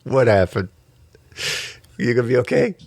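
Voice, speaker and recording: Lively, teasing male podcast host. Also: mid-range voice, normal speed, background noise. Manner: teasing, jokey, prone to laughing fits. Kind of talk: casual podcast chat.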